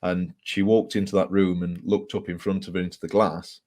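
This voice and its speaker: A man's voice: sits low, fairly quick. A man, a book author telling ghost stories casually, with laughs and fillers. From England. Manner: animated storyteller with fillers and laughs. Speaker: author guest. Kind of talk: casual storytelling interview.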